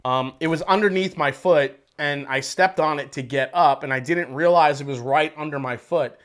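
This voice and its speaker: Here a man's slightly high, fairly bright voice moves at normal speed as he runs a casual home livestream tasting whiskey. Chatty and rambling, he laughs easily and lets a swear slip now and then; his audio comes through a wireless microphone with a battery pack.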